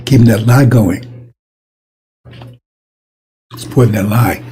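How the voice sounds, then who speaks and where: A man's voice: lowish voice, slow, mellow, slight background noise. A man giving an informal, rambling sermon, repeating himself and stressing points emphatically, with occasional stumbles. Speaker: preacher.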